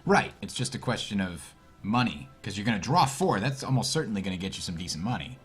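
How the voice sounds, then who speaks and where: A man casting a card game tournament, thinking out loud and reacting with puzzled surprise. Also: fairly low pitch, fast, soft background music. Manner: thinks aloud, puzzled and animated. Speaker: tournament commentator. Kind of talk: casual game commentary.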